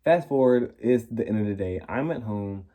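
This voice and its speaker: A man's voice: fairly low pitch, normal speed, slight background noise. Sassy young man telling a story. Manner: animated, sassy, acts out quoted lines. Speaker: vlogger. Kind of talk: casual storytelling.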